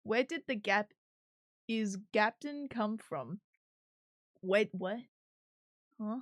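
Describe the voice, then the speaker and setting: A woman's voice: mid-range voice, takes it slowly, dry recording, clean studio sound. A woman streamer chatting casually while she works on a 3D model, giggly and swearing now and then.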